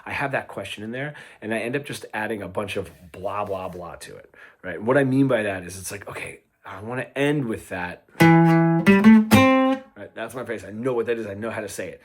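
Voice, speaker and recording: A man's voice: lowish voice, fast talker. A man teaching guitar in a casual lesson, talking in a chatty way and checking in with frequent "right?" asks between his playing examples. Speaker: guitar coach. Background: guitar playing between phrases.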